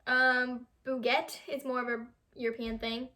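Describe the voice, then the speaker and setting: Young woman, fairly high voice, reads quiz questions aloud, stumbles over words, casual chat. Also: flat delivery, unhurried, bright, forceful tone. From United States. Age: young adult. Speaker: vlogger.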